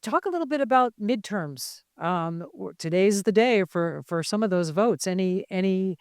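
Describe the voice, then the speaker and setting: A middle-aged woman moderating a panel discussion on stage, brisk and joking as she prompts the panelists. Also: medium pitch, lively intonation, smooth, no room sound, clean studio sound. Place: conference stage.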